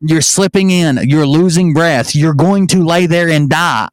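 A man's voice: fairly high pitch, a little slow, dry recording. A man in his thirties hosting a live podcast, talking in a profane, sarcastic, ranting way. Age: 30s. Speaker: podcast host. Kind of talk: live-stream podcast chat.

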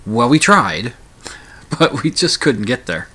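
A man's voice: mid-range voice, very animated, takes it slowly, bright, forceful tone, husky. A middle-aged man rambling through a casual personal monologue, full of fillers, restarts and dry humor.

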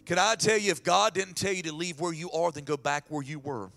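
A man preaching a sermon as pastor, dropping to whispers and rising to shouts. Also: on the high side, fairly even intonation, fairly quick, creaky, faint music behind. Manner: dramatic swings from hushed whispers to shouting.

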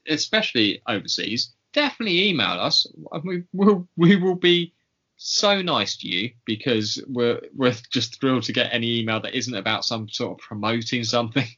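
A man's voice: medium pitch, lively intonation, moderate pace, pushed and bright. A man hosting a podcast in casual chat, hesitant and full of fillers. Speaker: podcast host. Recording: dull lo-fi recording.

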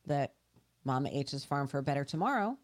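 A woman's voice: extremely low pitch, expressive, brisk. A woman co-hosting a podcast, earnestly explaining a situation in casual, talkative speech. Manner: earnest, explanatory, talks it through with restarts. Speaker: podcast co-host.

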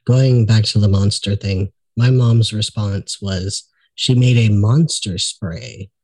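A man's voice: on the low side, slow, a little mellow, no room sound. A man hosting a casual talk conversation, easygoing with hesitant fillers.

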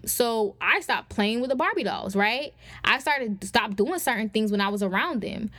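Young woman podcast host, higher voice, casual faith teaching with a direct "y'all" delivery, close dry mic. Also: expressive, normal speed, bright, forceful tone, dry recording. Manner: conversational preaching, addresses listeners as y'all. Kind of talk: faith-based teaching talk.

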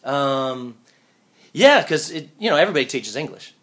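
Animated man telling stories. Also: medium pitch, moderate pace. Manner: animated storyteller, acts out quoted voices. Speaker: voice actor, guest. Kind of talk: casual interview chat. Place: living in Japan.

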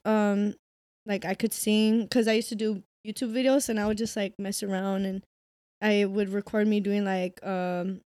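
A woman's voice: medium pitch, darkish tone, dry recording, clean studio sound. A young woman guest on a podcast, chatty and giggly. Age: young adult. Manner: giggly, chatty, lots of fillers. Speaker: guest singer. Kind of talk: casual chat.

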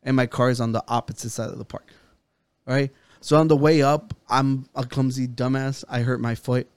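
A man's voice: mid-range voice, fairly even intonation, normal speed, clean tone, no echo. A man, a podcast co-host, telling a long story in casual chat, rambling, swearing and quoting himself and others.

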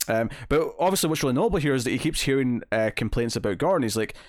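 A man's voice: mid-range voice, expressive, racing, no room sound, clean studio sound. A man co-hosting a casual comic book discussion, rambling with many fillers and restarts, acting out lines as he retells scenes. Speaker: podcast co-host.

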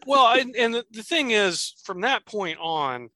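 A man's voice: high voice, sing-song, a little slow, bright, forceful tone, dry recording. A man co-hosting a podcast in casual chat, often hesitating and restarting his sentences. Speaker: podcast co-host.

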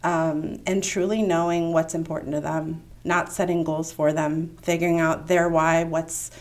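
A woman co-hosting a podcast who explains leadership ideas in a calm, steady way. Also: deep voice, a little slow. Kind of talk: casual chat.

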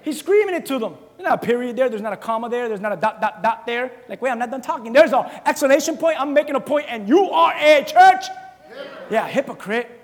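A man preaching a sermon to his church, animated and joking, shouting words for emphasis. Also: very high voice, fairly quick. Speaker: pastor. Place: church sanctuary. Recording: long reverb of a church hall.

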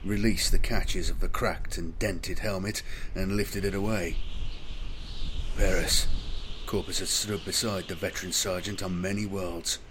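A man giving measured, dramatic scripted audiobook narration. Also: low-pitched, fairly even intonation, background noise.

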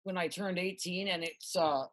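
On the low side and at a normal speed, this voice belongs to a middle-aged woman from the U.S., a musician. She's in a casual interview, rambling through animated stories and swearing freely.

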